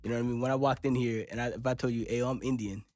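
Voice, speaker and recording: A man's voice: mid-range voice, flat delivery, rapid-fire, a little mellow, dry recording, faint music behind. A young man from Los Angeles with a laid-back West Coast accent, talking casually in a studio interview and rambling with lots of fillers. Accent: West Coast American. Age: young adult. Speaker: rapper guest. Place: recording studio.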